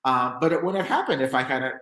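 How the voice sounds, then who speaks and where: A man's voice: medium pitch, expressive, fast, roomy sound, background noise. A man speaking as a journalist guest in a casual interview, rambling with many restarts and fillers.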